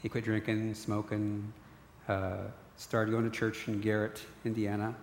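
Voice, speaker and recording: A man's voice: lowish voice, monotone, measured pace, slight background noise. A middle-aged man, earnestly telling a personal faith testimony with frequent restarts. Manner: storytelling, repeated restarts, earnest. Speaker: guest sharing a testimony. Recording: echoey hall recording.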